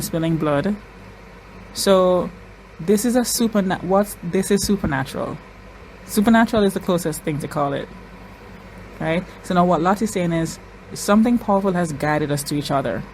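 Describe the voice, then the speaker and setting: Reaction host, casual and excitable, mid-pitched voice, faint noise behind. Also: rough recording. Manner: excitable, narrates and reacts to what is on screen; repeats words for emphasis.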